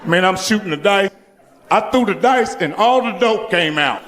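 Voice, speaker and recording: Man, stand-up comedian, high voice, profane storytelling, live hall reverb. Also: expressive, normal speed, fairly bright tone, a little hiss or hum. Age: middle-aged. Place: comedy stage before a laughing audience.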